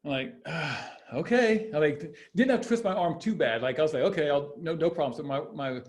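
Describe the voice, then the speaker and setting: A man's voice: a little high, animated, quick pace, a little mellow. A man in his fifties, a former basketball player, telling stories on a podcast in a rambling way, with many restarts and laughs. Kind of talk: casual storytelling interview.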